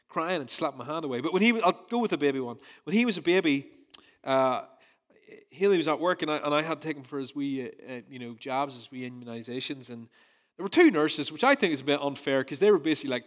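A man in his thirties preaching a sermon to his church in a conversational way, often restarting his sentences. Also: on the high side. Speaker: pastor.

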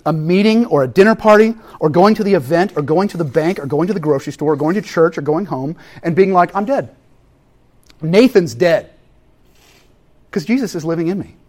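A man, preaching a sermon in a casual, animated way that swings from loud to hushed. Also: fairly high pitch. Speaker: pastor.

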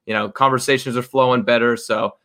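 A man's voice: medium pitch, steady tone, fairly quick, fairly bright tone. A young man co-hosting a casual sports podcast, easygoing and moving the talk from topic to topic. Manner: easygoing, steers to next topic. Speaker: podcast co-host.

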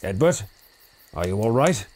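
A man voicing a gruff, steady male companion who speaks with low, calm concern. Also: unhurried.

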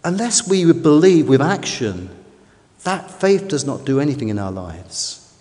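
Man, high-pitched preacher, emphatic sermon delivery, echoing hall. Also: sing-song, dark tone. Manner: emphatic, with slow drawn-out stresses. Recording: long reverb of a large hall.

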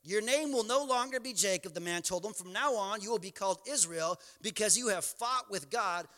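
A male pastor preaching a sermon, moving from quiet storytelling to impassioned, near-shouted exhortation. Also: high voice, moderate pace. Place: church sanctuary. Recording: church hall reverb.

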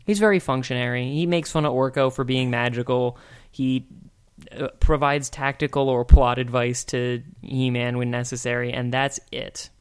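Man, podcast co-host, casual chat, mid-pitched, laughs easily, rambling. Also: fairly even intonation, moderate pace, clear, resonant tone. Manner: rambling, joking, laughs often. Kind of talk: casual chat reviewing a cartoon.

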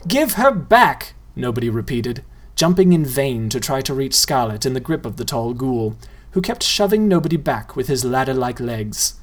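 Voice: mid-range voice, expressive, normal speed, few pauses. Playful storyteller reading aloud. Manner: playful, addresses the listener.

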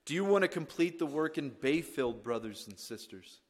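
A man preaching a sermon as pastor, swinging from hushed lines to loud, emphatic ones. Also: fairly high pitch, expressive, normal speed. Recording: long reverb of a church hall.

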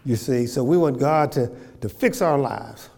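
A man's voice: mid-range voice, a little slow, creaky, big-room sound, noisy background. A man preaching a sermon, repeating phrases and checking in with his congregation. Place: church.

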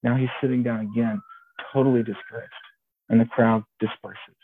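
A man preaching a sermon, retelling a story in an animated, wry, conversational way. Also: mid-range voice, normal speed. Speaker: pastor. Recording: tinny phone-like sound, faint hiss.

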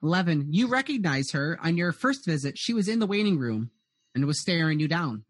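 A man's voice: fairly high pitch, big pitch swings, brisk, no echo. A man narrating as game master in a rambling way, full of "uh"s and restarts.

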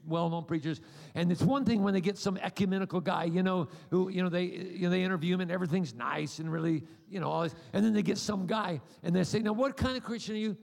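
A middle-aged American-born preacher giving a humorous, storytelling sermon, animated and rambling, acting out voices and cries. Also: male voice, sits high, fast, gravelly. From United States. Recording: long hall reverb.

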